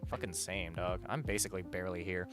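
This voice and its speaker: A man chatting casually on a livestream, reading out donations and rambling, swearing often. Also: quick pace. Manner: rambling, swears a lot, animated swings in pitch and loudness. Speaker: streamer. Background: faint music.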